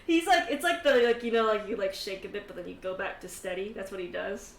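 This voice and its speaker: A woman's voice: mid-range voice, quick pace, creaky, echoey room, very noisy. A woman narrating a tabletop game as game master, laughing often and swearing casually between filler words.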